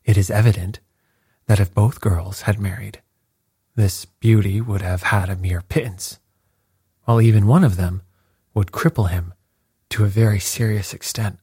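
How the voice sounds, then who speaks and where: A man voicing a calm, blandly ironic detective who speaks quietly, with a husky voice. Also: lowish voice, normal speed, pauses often, no room sound, studio quality. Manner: quiet and unruffled.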